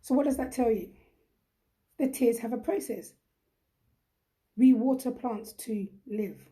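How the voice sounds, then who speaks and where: A woman's voice: on the high side, a little slow, dark tone. A young woman hosts a live chat with viewers, talking in a chatty, emphatic and encouraging way. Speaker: host.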